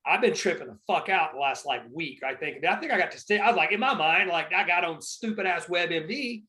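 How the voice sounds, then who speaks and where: A male podcast host with a high, bright and forceful voice. He tells stories in a rambling, emphatic way, swearing freely in casual chat. His delivery pushes hard on the points he cares about. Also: expressive, a little fast, poor audio. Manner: profane, rambling, emphatic storytelling.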